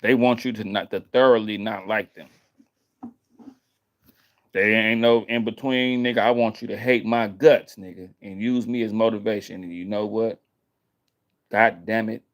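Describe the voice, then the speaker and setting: A man's voice: fairly low pitch, steady tone, moderate pace, pauses often. A man vlogging in a heated, casual rant, emphatic and profane, repeating himself.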